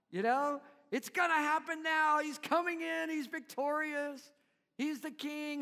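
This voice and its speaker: Pastor guy with a high voice, slow unhurried preaching, goes big then hushed, echoey church hall. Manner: animated, acts out crowd voices, drops to quiet low tones. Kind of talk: sermon. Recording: long reverb in a hall.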